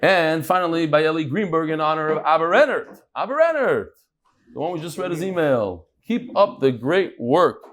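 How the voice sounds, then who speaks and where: A middle-aged man hosting and teaching a lively, joking Talmud class to a live group, mixing English with Hebrew and Aramaic terms. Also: on the high side, normal speed. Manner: animated, jokey, switching between English and Hebrew-Aramaic terms.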